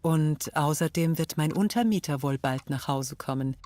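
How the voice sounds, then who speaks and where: A low-voiced, teasing landlady from 1899, voiced by a woman for a detective game. She scolds gently and playfully, keeping her tone deep and settled. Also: normal speed, natural voice. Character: teasing middle-aged German landlady, 1899. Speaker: game character.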